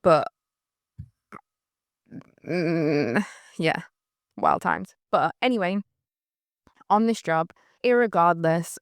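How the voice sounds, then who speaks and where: A young woman with a light Northern English accent telling a candid, rambling story, full of fillers and quick laughs. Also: lowish voice, no echo, clean studio sound. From Northern England. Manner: chatty, rambling, laughs often, many "like" fillers. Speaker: photographer recalling her career. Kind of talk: candid anecdotal monologue.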